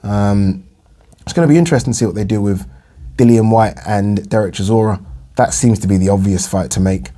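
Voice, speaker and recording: A man's voice: on the low side, fairly quick, mellow. An English man, a young adult, chatting casually about boxing news in a rambling way with lots of fillers and repeated phrases. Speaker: boxing vlogger. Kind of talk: casual solo boxing commentary.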